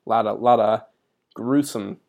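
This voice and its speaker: A man's voice: on the low side, fairly even intonation, gravelly, narrow, tinny audio. A young man hosts a podcast in easy, casual chat. He teases the others and laughs often, keeping things light. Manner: playful, quick to laugh. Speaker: podcast host.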